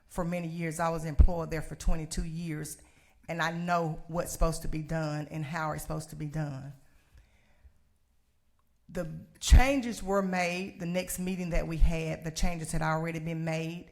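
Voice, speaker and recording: A middle-aged woman giving a measured public comment, pausing often to restate her words. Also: sits low, fairly even intonation, darkish tone. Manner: measured, with frequent fillers and restarts.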